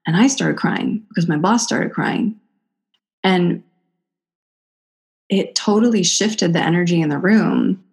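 A woman's voice: on the low side, a little slow, vocal fry, long pauses. A middle-aged woman, an Ayurvedic practitioner, telling personal stories in casual conversation and acting out the voices of others. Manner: animated, acts out quoted voices.

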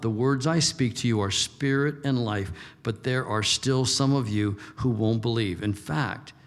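A man delivers a sermon in a relaxed, chatty manner, slipping into the voices of the people he quotes. His voice sits at an ordinary middle pitch for a man. Long reverb from a large church hall trails each phrase. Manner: informal, acts out quoted voices, chuckles. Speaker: pastor. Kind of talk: conversational sermon.

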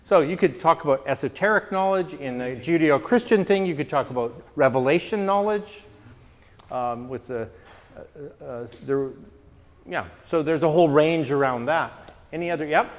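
A man from Canada leading a group teaching discussion, telling stories with lively restarts. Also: on the high side, moderate pace, in a large hall. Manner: animated storyteller, frequent restarts.

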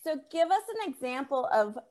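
A woman's voice: sits high, expressive, fairly quick, a little mellow. A woman hosting a podcast interview, asking follow-up questions and summing up her guest's points in an encouraging way. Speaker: podcast host.

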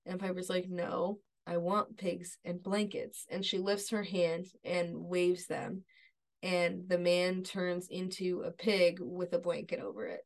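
A woman co-hosting a podcast, retelling a TV episode scene by scene in a relaxed, chatty way. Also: on the low side, a little slow. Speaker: podcast co-host. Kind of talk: casual recap chat.

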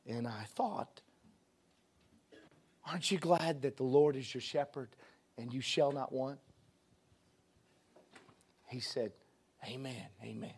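A man preaching a sermon, telling his own testimony with halting restarts that build into a fervent preaching cadence. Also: mid-range voice, darkish tone, husky.

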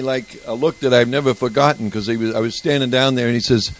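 A man's voice: on the low side, steady tone, fast, vocal fry, few pauses, low-quality recording. A man sharing a personal story at a recovery group meeting, speaking in a rambling, conversational way with restarts. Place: retreat meeting room.

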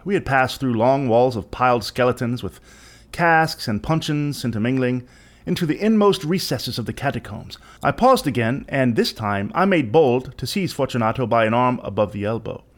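A man narrates a classic story as a theatrical, interpretive reading. His voice sits in a middle pitch but ranges widely with expression. The delivery is deliberate and performed. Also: expressive. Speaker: reader.

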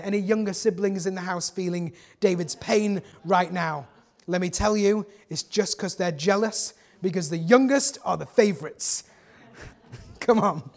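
Pastor, high-pitched, energetic, preaches with rhetorical questions. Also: male voice, a little slow, creaky. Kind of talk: sermon.

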